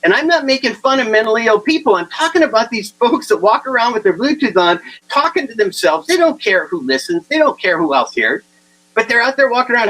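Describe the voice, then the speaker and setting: Fairly quick and lively in intonation, this motivational speaker's high-pitched, sharp voice comes through poor audio. His humorous talk is full of stories where he plays the people involved, repeats punchlines, and stammers through frequent restarts.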